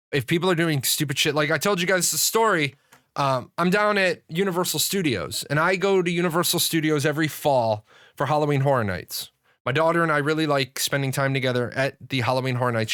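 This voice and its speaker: Bright-voiced man telling a profane story. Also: fairly high pitch. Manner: profane, animated storytelling with restarts. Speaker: streamer. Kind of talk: casual storytelling on a livestream.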